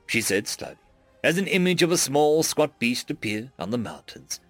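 Expressive male storyteller. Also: medium pitch, normal speed, no echo, soft background music. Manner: expressive storytelling, acts out many voices. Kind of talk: scripted story narration.

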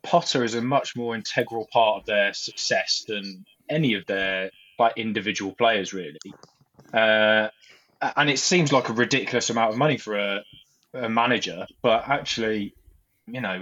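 A man on a football podcast, thinking out loud in rambling turns and correcting himself as he goes. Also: lowish voice. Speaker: podcast guest. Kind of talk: casual chat. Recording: dull lo-fi sound.

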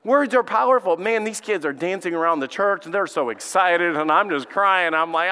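A man preaching a sermon as pastor, telling stories and acting out quotes with animated delivery. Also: high voice, a little fast, few pauses, smooth. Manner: animated storytelling, acts out quotes. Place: church sanctuary. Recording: reverberant church hall.

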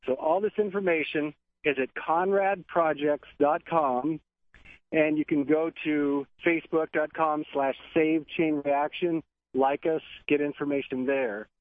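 A man's voice: a little high, steady tone, a little slow, no echo. A man speaking as a guest on a radio show, earnest and eager to promote a cause. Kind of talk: casual radio interview. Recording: dry, tinny phone line.

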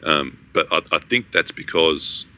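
Guy on a gaming podcast, low bright voice, rambles with lots of restarts. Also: lively intonation, unhurried, a little hiss or hum. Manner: rambling, many restarts and fillers. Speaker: podcast co-host. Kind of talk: casual gaming chat.

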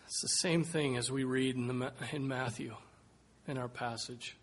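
A man's voice: mid-range voice, fairly even intonation, moderate pace. A man preaching a sermon, making earnest, pleading appeals that suddenly swell in volume.

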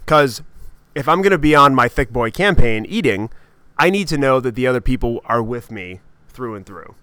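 A podcast host spins a comic story in an animated, swearing, self-mocking way. His voice is bright and smooth. The recording is close and dry, with no room sound. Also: medium pitch, moderate pace, dry recording. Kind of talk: comedic storytelling monologue.

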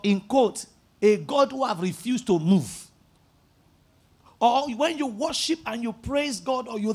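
A male pastor preaching a sermon, telling stories animatedly and rising to emphatic shouts. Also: very high-pitched. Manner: animated storytelling, acting out phone conversations.

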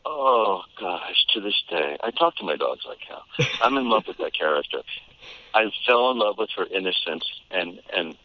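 Deep-voiced man on a tinny line. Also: moderate pace, slight background noise. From United States. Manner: animated storyteller, laughs often, frequent restarts. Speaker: voice actor guest. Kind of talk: casual interview chat.

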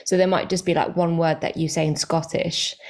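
A chatty woman comedian speaks casually as an interview guest, her fairly low voice gravelly and darkish with little pitch movement. She frequently restarts sentences, corrects herself, and fills pauses.

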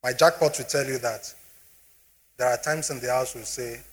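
Speaking at a moderate pace in a mid-range voice, this middle-aged man with a Nigerian accent gives an animated, motivational personal finance talk. He keeps asking listeners whether they're following him.

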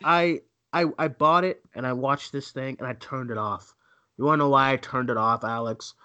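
A man's voice: mid-range voice, moderate pace, lo-fi sound. A man co-hosting a casual movie podcast, ranting and mimicking voices as he talks. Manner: animated, ranting, mocking voices. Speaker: co-host.

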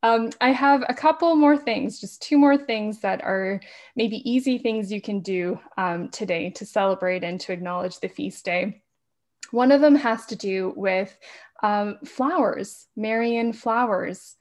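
A woman who is a podcast guest in a casual interview, talking fast and laughing often. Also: medium pitch. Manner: talks fast with frequent laughs.

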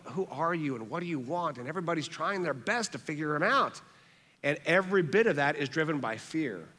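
A man preaching a sermon with a bright, ringing tone that sits a little high for a man. He is earnest and repeats phrases for emphasis, often dropping soft on key words. His voice carries the long reverb of a large hall. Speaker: pastor.

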